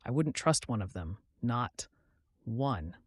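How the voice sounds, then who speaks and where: A man's voice: medium pitch, animated, slow pace, slightly rough, dry recording, studio quality. A man voicing an anxious, distrustful female duck far from home, fretful and tearful.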